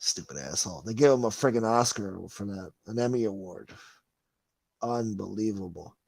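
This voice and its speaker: A man's voice: on the low side, lively intonation, normal speed, creaky, dry recording. A man hosting a casual livestream, reading viewer comments and ranting in a profane, sarcastic way. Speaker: livestream host.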